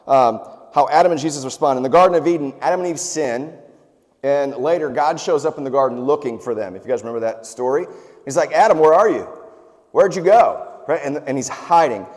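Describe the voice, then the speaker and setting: A pastor preaches a sermon in a church hall, his mid-range voice fast and echoing in the large space. His delivery is casual, conversational and animated, full of asides and personal stories.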